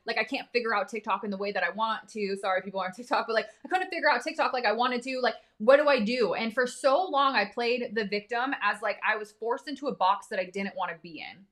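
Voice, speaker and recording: A young adult woman speaks on a live stream with a slightly high voice. Her talk is raw and emotional, blunt and peppered with swearing, like a business coach baring the hard parts. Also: fairly bright tone. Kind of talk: candid live stream monologue.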